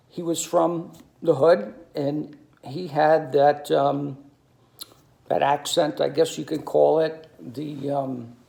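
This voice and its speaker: A man, telling stories in a halting monologue full of ums and uhs. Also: fairly high pitch, gravelly, mellow. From New York City. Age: 60s. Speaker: video commentator. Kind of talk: monologue to camera.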